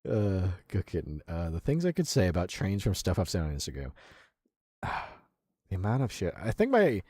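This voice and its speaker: A young man on a livestream reacting to clips, swearing freely and breaking into laughs. His lowish voice swings widely in pitch, with a husky, slightly breathy edge. The sound is close and dry. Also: normal speed, dry recording. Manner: profane, excitable, laughs often. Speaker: streamer. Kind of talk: casual livestream reaction commentary.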